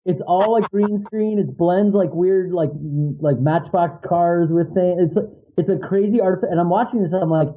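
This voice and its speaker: A man's voice: high-pitched, moderate pace. A man chatting casually as a podcast guest, rambling and enthusiastic. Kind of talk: casual chat. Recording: tinny phone-like line.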